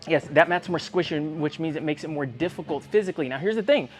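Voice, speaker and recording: A man's voice: fairly high pitch, expressive, fast talker, faint music behind. A man coaching a young athlete one-on-one in a gym, speaking directly and earnestly, often checking whether she believes him. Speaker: tumbling coach.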